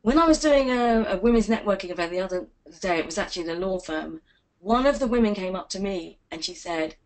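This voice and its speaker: A woman teaching a live online class as a confidence coach, energetic and playful, acting out quotes with big jumps in pitch. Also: fairly quick, low-quality recording.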